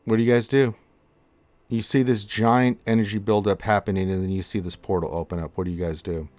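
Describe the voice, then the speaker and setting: Low-voiced man running a tabletop game. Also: steady tone, fairly quick, darkish tone, no echo. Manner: casual, laughs often, fillers while narrating. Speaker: dungeon master.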